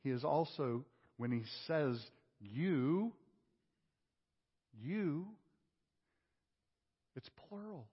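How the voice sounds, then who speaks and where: A male pastor preaching a sermon, asking rhetorical questions and swinging from loud emphasis to hushed tones. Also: a little high, expressive, slow pace, long pauses, breathy edge. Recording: dull audio with long hall reverb.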